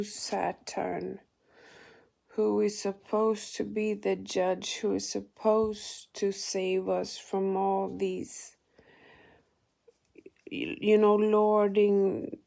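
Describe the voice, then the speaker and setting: A woman's voice: medium pitch, gravelly, a little mellow. A woman vlogger telling an indignant personal spiritual story, swearing and sometimes dropping to a whisper.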